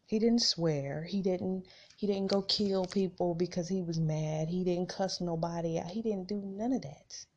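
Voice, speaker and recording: A woman's voice: lowish voice, normal speed, darkish tone. A woman hosting a podcast, reading scripture and talking casually to her listeners, repeating phrases for emphasis. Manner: chatty, addresses listeners as "y'all". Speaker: podcast host. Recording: dull lo-fi recording.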